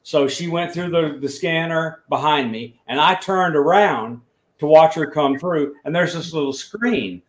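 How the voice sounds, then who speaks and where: A middle-aged man with a slightly higher voice talks through his evidence in a plain, technical way. He sounds like he is in a roomy, echoing space at home on a video call. He takes listeners through each detail step by step. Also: expressive, unhurried. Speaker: guest, scientist and engineer. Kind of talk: casual show-and-tell explanation. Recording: echoey room sound.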